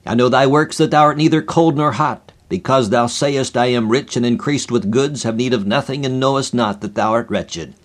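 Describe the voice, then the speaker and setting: Solemn mysterious stranger voiced by a male radio preacher, grave, measured, archaic scripture cadence, mid-pitched. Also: close to an everyday voice.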